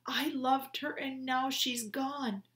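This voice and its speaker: A woman voicing a grieving china toy rabbit whose thoughts come in a soft, breathy whisper in a storybook reading. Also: high voice, fairly even intonation, slow, pitched above the performer's own voice. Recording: roomy echo.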